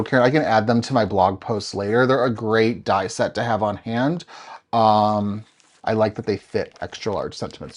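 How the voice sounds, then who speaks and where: A man's voice: lowish voice, darkish tone. A young man, chatting upbeat to viewers as he shows card-making on a live stream. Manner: chatty, upbeat, talks to viewers by name while working. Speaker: card-making tutorial host. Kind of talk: live-stream crafting demo.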